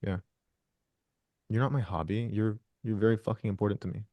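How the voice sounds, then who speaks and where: A man's voice: on the low side, steady tone, fairly quick, no room sound, muffled recording. A man hosting a group video call, chatting casually in a rambling, profane way with lots of restarts. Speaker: host of a trading group call.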